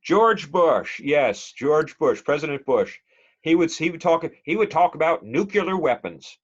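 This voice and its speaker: A man's voice: on the high side, lively intonation, a little slow, dull audio. A male instructor giving a conversational, digressive classroom lecture and quizzing the class with questions.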